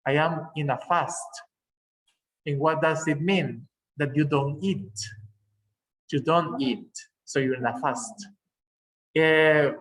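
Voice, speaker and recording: Slow-talking teacher, higher voice. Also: male voice, rough recording. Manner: slow, explaining patiently with examples and self-corrections. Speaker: English teacher. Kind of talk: online class lesson. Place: video call. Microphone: video call.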